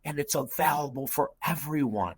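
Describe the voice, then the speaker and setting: A man's voice: a little high, moderate pace, husky. A middle-aged man, a guest life coach, telling an emotional personal story in an earnest, intense way. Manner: earnest, intense, addresses host by name.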